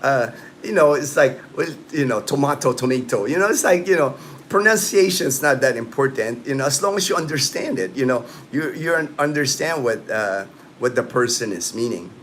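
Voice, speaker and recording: Lively intonation and a moderate pace mark this man's mid-range, slightly bright voice, with slight background noise present. In his late fifties, he hosts a casual livestream from home in the Philippines, rambling loosely, answering viewers' comments, and filling his talk with "you know" and "man."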